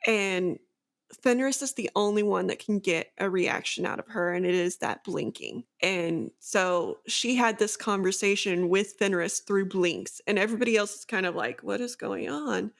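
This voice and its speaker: A book podcast co-host with a medium-pitched voice speaks at normal speed as she animatedly recaps a fantasy plot event after event. The casual, unscripted discussion is thick with "like" and "so."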